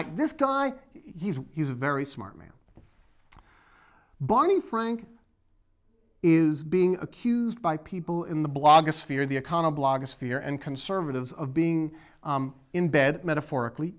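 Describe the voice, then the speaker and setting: A man from the area, hosting his own video blog and ranting about politics in a rambling, sarcastic, emphatic way. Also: fairly high pitch. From Boston area, USA.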